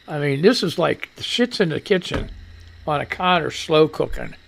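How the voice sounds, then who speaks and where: A man's voice: fairly high pitch, gravelly, a bit bright. A middle-aged man hosting a casual talk radio show, rambling, chuckling often and throwing in crude asides.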